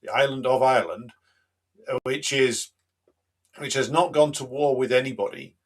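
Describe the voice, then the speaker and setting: Male livestream host, mid-pitched, emphatic and combative, lots of "uh"s. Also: normal speed. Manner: combative, emphatic, with frequent fillers. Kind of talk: live-stream commentary.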